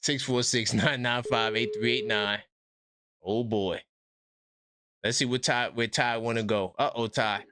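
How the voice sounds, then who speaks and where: A man's voice: mid-range voice, fairly even intonation, unhurried, sharp tone, dry recording. A man hosting a live sports call-in show, trash-talking and laughing with callers in casual street slang.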